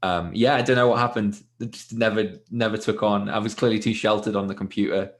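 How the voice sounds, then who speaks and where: A tech founder in his twenties from Leeds, England, speaks briskly in a fairly low, steady voice as a podcast guest. He's casual and laughs easily, his interview answers filled with fillers and restarts.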